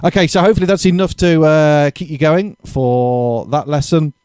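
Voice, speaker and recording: A man's voice: a little high, normal speed, darkish tone, clear, resonant tone, no room sound. A man giving a casual drum lesson, thinking aloud and correcting himself as he explains exercises. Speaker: drum teacher.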